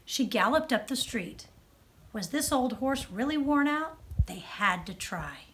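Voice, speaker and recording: A woman judge reading a children's book aloud with expressive storytelling. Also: on the high side, measured pace. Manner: expressive storytelling, softer on narration tags.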